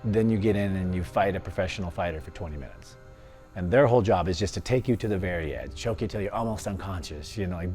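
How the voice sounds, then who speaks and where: Low-voiced man telling his story. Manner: lively, laughs often, acts out what others said. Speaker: former fighter telling his life story. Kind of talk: storytelling interview.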